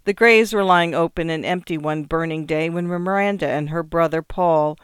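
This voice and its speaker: A woman reading short stories aloud for radio, measured and expressive. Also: deep voice, clean tone, no room sound, studio quality. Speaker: radio reader and host. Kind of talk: scripted narration of short stories.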